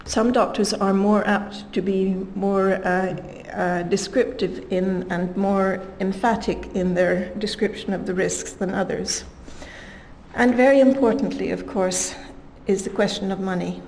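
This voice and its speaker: A woman giving a scientific conference talk at a measured pace, reading quotes aloud with emphasis. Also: medium pitch, steady tone, a little mellow, slight background noise, poor audio. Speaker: conference speaker.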